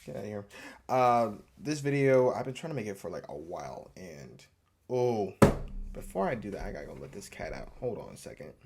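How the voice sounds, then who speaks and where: A man's voice: on the low side, very animated, brisk, vocal fry, darkish tone, slight background noise. A young man chatting loosely to camera in a casual travel vlog, full of filler words. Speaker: vlogger.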